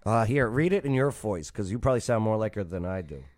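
Joking, animated male co-host. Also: lowish voice, quick pace. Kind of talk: casual chat reacting to news.

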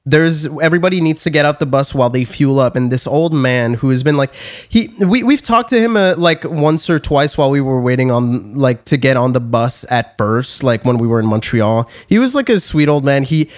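A man's voice: mid-range voice, lively intonation, moderate pace. A young man telling a story on a casual podcast, rambling with lots of "like" fillers and stuttered restarts.

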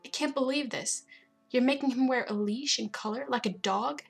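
A woman's voice: high voice, normal speed, gravelly, husky, faint music behind, pitched above the performer's own voice, heavily acted. A woman reading aloud, voicing an earnest young heroine who protests firmly. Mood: indignant.

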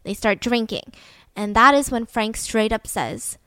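A young woman hosting a podcast, retelling a true-crime story in a chatty, animated way. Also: a little high, unhurried, clean tone, dry recording. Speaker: podcast host.

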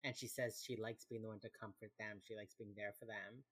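Very low-voiced chatty young woman. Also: steady tone, brisk, a bit bright, slightly rough. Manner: chatty, laughs often, acts out quoted lines. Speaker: podcast co-host recapping a TV episode. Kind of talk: casual chat.

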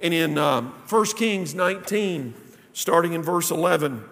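A man preaching a sermon, telling a story and dropping his voice low for quoted lines. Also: animated, unhurried, creaky, fairly bright tone. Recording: long reverb of a large hall.

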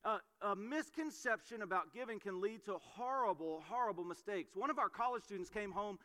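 A middle-aged man preaching a sermon, telling family stories in a relaxed, conversational way with frequent fillers. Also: sits high, a little fast. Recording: long hall reverb.

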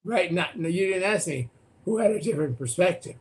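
An older man, a former political candidate, recounting debate stories as a guest in an animated way, often repeating words. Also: sits high, fairly quick. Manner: animated, repeats words and restarts, acts out quotes. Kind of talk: anecdotal storytelling in conversation.

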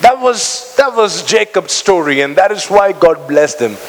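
A man's voice: high voice, lively intonation, unhurried, in a large hall, a little hiss or hum. A man preaching a sermon to his congregation, fervent, stretching out words and often repeating himself as he calls on people to answer back. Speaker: pastor.

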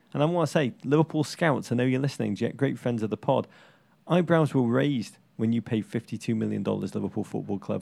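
A middle-aged man from England co-hosts a casual football chat, his voice gravelly with a mid-range pitch. He talks in a playful, animated, teasing way. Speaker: podcast co-host.

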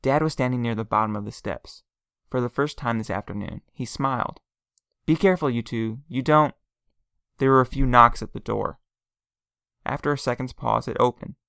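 A man reads a first-person story aloud in a calm, even way. His voice has a gravelly, fry-tinged texture at a middle pitch. The recording is dry and close to the mic. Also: brisk, no room sound. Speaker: narrator.

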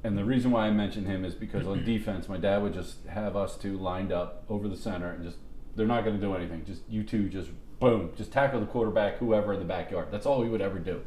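A middle-aged man with a low, darkish voice talks quickly on a podcast, spinning long, rambling, profane stories for his friends with restarts and laughter. The sound is reverberant with slight background noise.

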